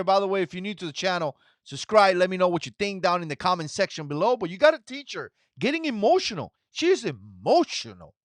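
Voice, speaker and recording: A man in his forties hosts a reaction video with an indignant, repetitive manner. His pitch swings up and down a lot as he talks. The voice sounds dry and close, with almost no room sound. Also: fairly bright tone, dry recording. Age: 40s. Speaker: commentary channel host. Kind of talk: reaction commentary.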